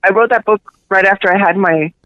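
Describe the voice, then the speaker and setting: In a casual interview chat, a guest author, a middle-aged woman with a Cuban New Yorker accent, talks briskly at medium pitch, rambling and leaning on fillers. There's no room sound, just the tinny quality of a phone line.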